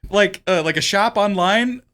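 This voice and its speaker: A man's voice: high-pitched, unhurried, a bit bright. A man co-hosting a podcast in casual chat, rambling and profane, laughing often as he tells stories. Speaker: podcast co-host.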